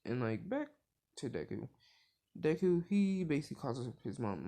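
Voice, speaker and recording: A man's voice: mid-range voice, lively intonation, fairly quick, gravelly, mellow. A young man casually retelling a fan story, rambling with lots of filler words and profanity.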